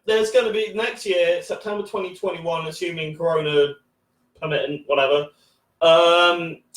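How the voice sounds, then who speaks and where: A man in his thirties doing a debut stand-up set, rambling and halting with lots of fillers, restarts and swearing. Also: high-pitched. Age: 30s. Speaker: stand-up comedian. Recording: echoey room from a distance.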